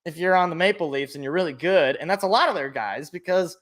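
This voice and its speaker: A man hosting a casual sports podcast, talking in an animated, jokey way and thinking aloud. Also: on the high side, fast talker. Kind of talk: casual chat.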